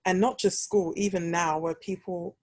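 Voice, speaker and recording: Lively British woman, low voice. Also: normal speed, slightly rough, no room sound. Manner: animated storytelling, acts out quoted dialogue. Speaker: podcast host. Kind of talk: casual chat.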